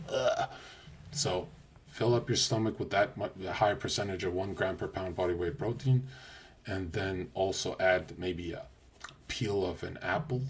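Crude young guy streaming, lowish voice, loud bursts then mumbling. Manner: brash and crude, swinging between loud outbursts and low mutters. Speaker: livestreamer. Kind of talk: casual livestream rant.

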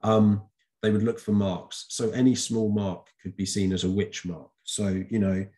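A man's voice: on the low side, flat delivery, normal speed, mellow. A man talking through a casual revision lesson, chatty and loose, with frequent ums and self-corrections as he explains to the camera. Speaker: teacher. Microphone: camera recording.

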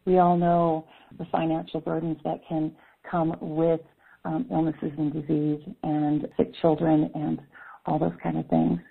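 A woman's voice: deep voice, monotone, unhurried, vocal fry, husky. A woman giving an earnest teaching presentation at an online caregiver summit, repeating key words for emphasis. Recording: phone-line telesummit audio.

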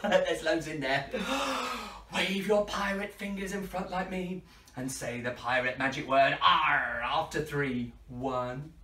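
A man hosting a children's party show for kids watching at home, playful and animated with big gasps and laughs. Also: fairly high pitch, measured pace, background noise. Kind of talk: interactive children's show, talking to viewers at home. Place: room at home. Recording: echoey room, voice far from the mic.

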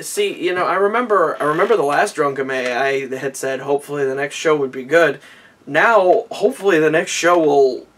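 A man's voice: on the high side, a bit bright, recorded from a distance, slight background noise. A tipsy young man rambling through a recap, stammering and restarting his sentences. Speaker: vlogger recapping an anime. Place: small warm room indoors.

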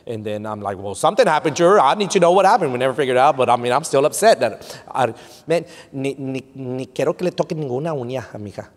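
A man in his thirties with a Texan accent, preaching a sermon as pastor, swinging from quiet storytelling to loud peaks and slipping Spanish phrases into English. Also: mid-range voice, expressive, fast. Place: large church sanctuary. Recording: long hall reverb.

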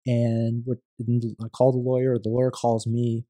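Mellow-voiced man speaking thoughtfully. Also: mid-range voice, completely flat delivery, dry recording, clean studio sound. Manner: measured, thoughtful, frequent restarts. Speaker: commercial real estate attorney, podcast guest. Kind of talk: conversational interview.

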